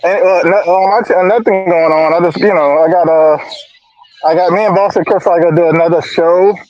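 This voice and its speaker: A man chatting as a guest on a livestream, rambling and halting, with many fillers and repeats. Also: sits high, fairly even intonation, highs cut off. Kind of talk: casual chat.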